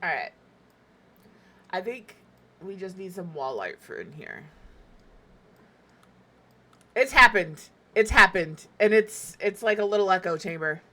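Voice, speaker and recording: Young woman streamer, bright voice, rambling casual chat, self-mocking. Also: lowish voice, expressive, moderate pace. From Southern US. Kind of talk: casual chat while gaming.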